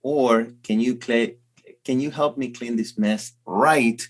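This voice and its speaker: A man's voice: medium pitch, slow pace. Hesitant Argentine man with a Spanish accent. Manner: hesitant, stammering restarts while asking questions. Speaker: co-host. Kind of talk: casual conversational language chat.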